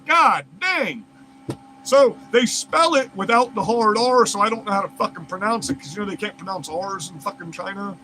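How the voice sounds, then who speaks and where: A man's voice: high-pitched, animated, normal speed, bright, forceful tone, a little hiss or hum, low-quality recording. A man reads news aloud and breaks off into heated, profane, incredulous rants as a commentary host. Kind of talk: reading news aloud and ranting over it.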